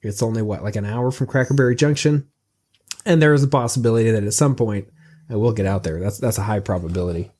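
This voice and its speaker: A man co-hosting a casual podcast, explaining vague plans in a halting, noncommittal way. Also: fairly low pitch, darkish tone. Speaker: podcast co-host.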